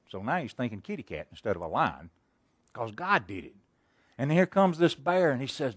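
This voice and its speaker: A man preaching in a folksy, storytelling way, full of rhetorical questions. His voice sits at an ordinary middle pitch and rises loud, then drops to near a murmur. The sound is dry and close. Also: very animated, normal speed, husky, no room sound. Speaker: pastor. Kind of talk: sermon.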